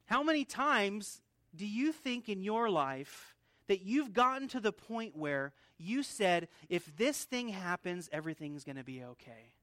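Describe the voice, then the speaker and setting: A man's voice: high-pitched, big pitch swings, unhurried, pushed and bright, dry recording, clean studio sound. A male pastor preaching an expository sermon in an earnest teaching manner, often restarting and repeating words. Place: church.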